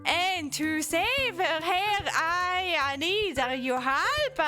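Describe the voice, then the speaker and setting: Woman streamer doing a high, hammy Mario with a mangled accent, slow and bouncy. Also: animated, over music, exaggerated voice. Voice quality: exaggerated slow sing-song fake accent. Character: Mario, cheerful plumber hero, man, put-on accent.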